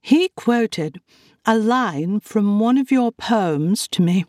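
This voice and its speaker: A woman's voice: medium pitch, lively intonation, slow, a little mellow, no room sound, clean studio sound, pitched above the performer's own voice. A woman doing Henrietta, a bubbly teasing sister.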